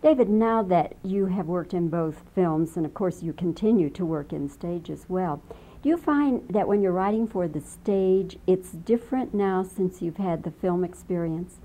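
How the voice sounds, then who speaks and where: A woman interviewer asking polite, measured questions. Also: on the low side, warm tone, low-quality recording. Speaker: interviewer, host.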